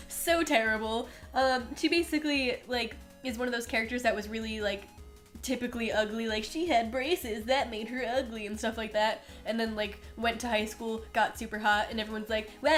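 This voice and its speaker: A young woman with a fairly high voice talks with a co-host, sarcastic and chatty. She acts out scenes in quick mock voices and laughs often. Faint music plays underneath. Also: steady tone, fairly bright tone. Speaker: podcast co-host. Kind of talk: casual chat.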